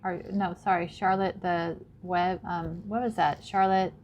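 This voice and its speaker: A woman's voice: lowish voice, flat delivery, measured pace, darkish tone. A woman talking in a rambling monologue to her viewers, listing words and numbers one after another. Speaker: video creator. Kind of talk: casual monologue. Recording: dull lo-fi sound, faint background noise.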